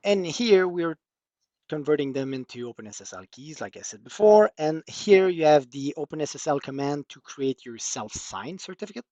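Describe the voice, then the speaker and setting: A man's voice: a little high, animated, moderate pace, warm tone, no room sound, dull audio. A man with a French accent presenting a technical workshop walkthrough, explaining with many hesitant fillers.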